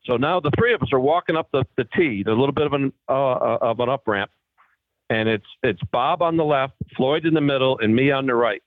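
A man's voice: mid-range voice, fairly quick, dry recording. Guy on a phone call spinning golf tour stories, voice sounds thin n tinny, does little voices for people. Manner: animated storyteller acting out quoted voices. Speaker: guest golfer. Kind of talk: casual storytelling.

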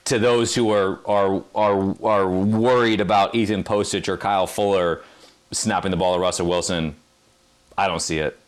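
A man's voice: low voice, steady tone, normal speed, clean tone. A man co-hosting a sports podcast, talking in long rambling runs with playful asides. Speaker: podcast co-host. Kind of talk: casual sports chat.

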